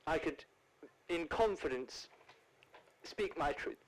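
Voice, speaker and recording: A grand, plummy older actress who drawls and keeps calling people darling and dear, as a man puts her on. The voice sits fairly high for a man and sways broadly and theatrically through each phrase. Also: measured pace, slight background noise, poor audio. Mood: grandly theatrical. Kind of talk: comedic celebrity impression.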